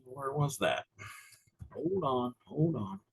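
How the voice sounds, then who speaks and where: A man's voice: medium pitch, sing-song, slow pace, gravelly, breathy edge, rough recording. A middle-aged man, a little winded, teaching an insurance exam class on a livestream in a chatty, rambling, self-deprecating way at his desk mic.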